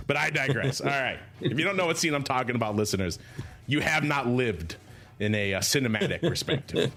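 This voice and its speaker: Animated, digressive male podcast host. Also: medium pitch. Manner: animated, digressive, quotes movie lines. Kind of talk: casual podcast banter.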